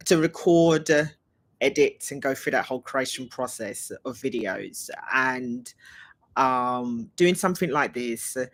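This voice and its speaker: An English-accented woman with an extremely low, expressive voice speaks a little slowly. She's a leadership trainer hosting a live Q&A on a live stream, chatting casually and rambling, thinking aloud while moving around her home.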